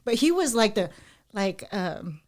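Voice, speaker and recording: Brief: a chatty woman guest in her forties, lively and animated, mid-range voice. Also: mid-range voice, measured pace. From United States. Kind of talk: casual podcast chat.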